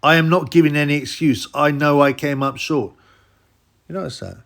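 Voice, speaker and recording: A man's voice: fairly high pitch, moderate pace, vocal fry, a bit bright. Rambling male host, casual solo commentary with many restarts. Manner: rambling, restarts, mock voices for quotes. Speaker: boxing channel host.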